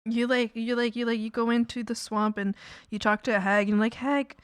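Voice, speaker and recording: A woman's voice: on the high side, level tone, brisk, clean tone, no echo, studio quality. A woman streamer in casual livestream chat, talking in a playful, rambling, goofy way.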